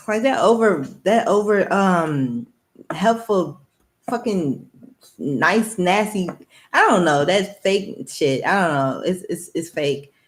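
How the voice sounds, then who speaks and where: A woman's voice: lowish voice, lively intonation, takes it slowly. A young adult woman giving a candid personal monologue to camera, blunt and rambling, with heavy swearing. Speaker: vlogger.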